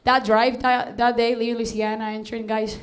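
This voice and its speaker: A woman's voice: fairly high pitch, level tone, fairly quick. A woman hosting a comedy show, doing a stand-up set in a chatty way and giggling at her own jokes. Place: comedy stage before a live audience.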